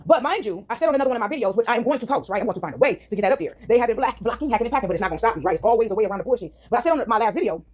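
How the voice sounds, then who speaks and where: A woman ranting casually to her viewers from home into a phone, animated and rambling, tagging on "right?" and "y'all" constantly. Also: on the high side, rapid-fire, few pauses. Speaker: vlogger. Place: at home, indoors.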